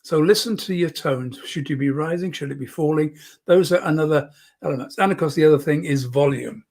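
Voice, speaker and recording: A man's voice: a little high, fairly quick, gravelly, a little mellow. A man teaching public speaking in an online lesson, demonstrating shifts in volume and emphasis close to the microphone. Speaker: speaking coach. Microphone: close microphone, moves in and out.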